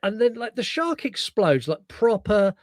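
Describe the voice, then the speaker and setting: A man co-hosting a podcast in a fairly high voice, talking loosely and excitedly about a film. He swears freely and acts out lines from it, and the sound is dry and close. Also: a little slow, no echo. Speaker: podcast co-host. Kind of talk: casual film review chat.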